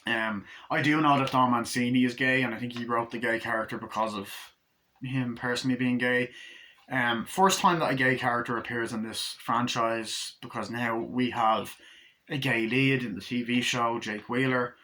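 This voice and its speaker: A man's voice: mid-range voice, steady tone, moderate pace, bright, forceful tone, low-quality recording. A young man talking through a horror comedy film in a casual, rambling way, swearing freely as he goes. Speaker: movie reviewer. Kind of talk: casual movie review.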